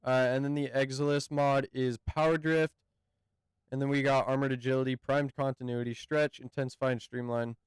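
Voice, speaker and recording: Male game reviewer, mid-pitched, very smooth and resonant tone, hesitant and halting delivery, close dry mic. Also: little pitch movement, dry recording. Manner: hesitant, halting, often searching for words. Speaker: gaming channel host. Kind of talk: casual game review talk.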